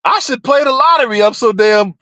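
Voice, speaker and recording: Animated laughing vlogger, lively pitch. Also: brisk, dry recording. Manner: animated, laughs often, profane. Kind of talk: ranting commentary to viewers.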